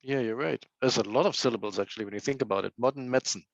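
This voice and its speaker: A man taking part in an online language class, agreeable and quick to concede points. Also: medium pitch, gravelly, no echo. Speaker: class participant. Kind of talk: casual online class discussion. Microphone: video call. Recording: dry muffled video call audio.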